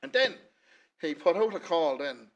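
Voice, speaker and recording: Higher-voiced Irish man telling a folk tale. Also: very animated, moderate pace, highs cut off. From Ireland. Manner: chatty, rambling, with lots of "he says". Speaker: storyteller. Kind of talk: folksy spoken storytelling.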